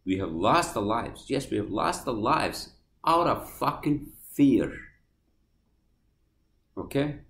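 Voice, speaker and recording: A man hosting a podcast, ranting angrily and swearing, swinging from loud outbursts to quiet apologies. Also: medium pitch, sing-song, slow, vocal fry, pauses often, reverberant, a little hiss or hum. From New Jersey, US. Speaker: podcast host. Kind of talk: heated podcast rant.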